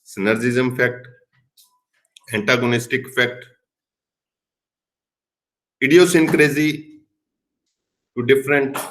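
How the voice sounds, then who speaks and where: A middle-aged male professor with an Indian English accent delivers a recorded lecture. His voice sits at an ordinary mid pitch, and he talks in measured phrases that lean hard on the words he wants remembered. Now and then he drops into Hindi to explain a point. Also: fairly bright tone, rough recording. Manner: deliberate, stresses key words, slips into Hindi. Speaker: pharmacy professor.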